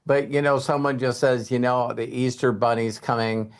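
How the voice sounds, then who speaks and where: A man hosting a casual live talk, rambling and animated, with frequent fillers and laughs, speaking into a webcam. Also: mid-range voice, normal speed. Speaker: host.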